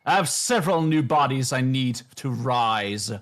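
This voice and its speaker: A man's voice: medium pitch, lively intonation, unhurried, fairly bright tone. A man voicing a scheming, shrouded male cultist puppet in a tabletop game's puppet play. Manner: scheming, sly.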